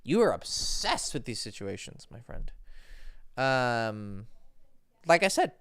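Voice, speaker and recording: A man's voice: medium pitch, sing-song, slow, fairly bright tone, smooth, no room sound, clean studio sound. A man hosting a casual livestream Q&A from home as a dating coach, talking loosely and profanely and explaining with examples and stories.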